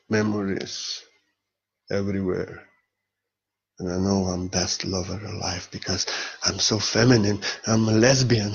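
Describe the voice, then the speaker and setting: A man's voice: on the low side, vocal fry, husky, dull audio. Candid man giving a spiritual talk. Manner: candid and emotional, blunt with occasional swearing. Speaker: spiritual teacher.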